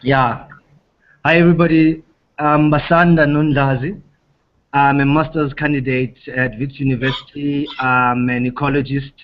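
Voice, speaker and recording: A man's voice: mid-range voice, little pitch movement, moderate pace. A man introducing himself as an ecology student on a video call, brief and matter-of-fact. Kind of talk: casual self-introduction. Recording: dull lo-fi call audio.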